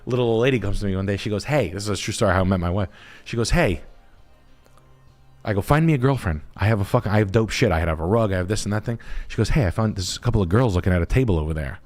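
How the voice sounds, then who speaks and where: A man's voice: fairly low pitch, animated, rapid-fire, a little mellow, faint music behind. Rambling, cursing male streamer. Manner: rambling, profane, trails off searching for words. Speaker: realtor and stream host. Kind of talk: casual storytelling on a live stream.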